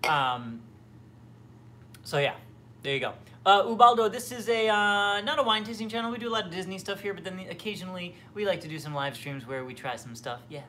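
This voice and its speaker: A man's voice: high-pitched, lively intonation, brisk, sharp tone, slight background noise. A young man hosting a casual livestream from his home kitchen, chatting in a rambling way with lots of fillers and restarts as he answers viewers. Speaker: livestream host. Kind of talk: casual livestream chat reading comments. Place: home, near the kitchen fridge.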